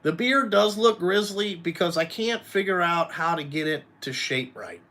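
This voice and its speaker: Sharp-toned and sitting high, this man's voice has lively intonation and a moderate pace. He runs a trucking company and vlogs, and in this casual live chat he addresses viewers directly, bluntly and profanely, drifting between subjects.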